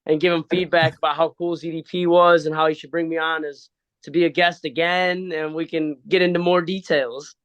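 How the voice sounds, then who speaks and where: A man chats as a podcast guest in a loose, slang-heavy, joking way. His voice is smooth and resonant, set a little high, and it carries an easygoing swagger. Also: level tone, fairly quick, a bit bright, lo-fi sound. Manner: laid-back, slangy, joking. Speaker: wrestler guest. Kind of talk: casual interview chat.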